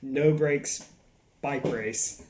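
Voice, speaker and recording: A man's voice: mid-range voice, fairly even intonation, extremely slow, darkish tone, reverberant, a little hiss or hum. A man with a Southern US accent telling profane, laugh-filled stories in a casual podcast chat. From American South. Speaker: podcast guest. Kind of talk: casual storytelling.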